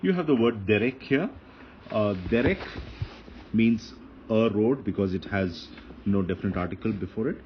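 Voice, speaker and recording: A man teaching a grammar lesson, patiently repeating and spelling out points as he writes. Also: fairly low pitch. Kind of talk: classroom lecture on grammar. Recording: dull lo-fi recording with faint hiss.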